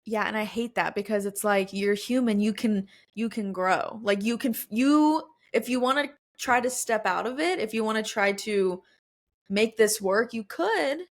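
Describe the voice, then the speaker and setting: A woman's voice: mid-range voice, moderate pace. A young woman hosting a podcast, chatting casually and supportively, laughing often and calling her guest "girl.". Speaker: podcast host. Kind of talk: casual interview chat.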